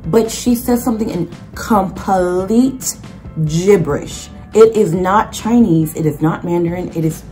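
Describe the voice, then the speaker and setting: A young woman vlogging in a casual, animated way, sarcastic and full of restarts. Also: fairly low pitch, a little slow, faint music behind. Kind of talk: casual chat.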